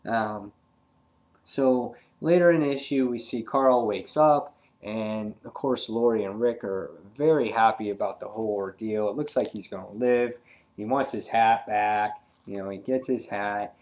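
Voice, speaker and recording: A man's voice: lowish voice, measured pace, a little mellow. A man casually reviewing a comic book, rambling with frequent fillers and restarts.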